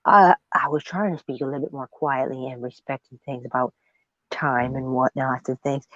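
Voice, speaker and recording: Animated woman hosting a lo-fi livestream chat. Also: rumbling low, normal speed, no room sound. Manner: animated, laughs often, jokey. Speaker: livestream host. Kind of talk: casual chat. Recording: dull lo-fi stream audio.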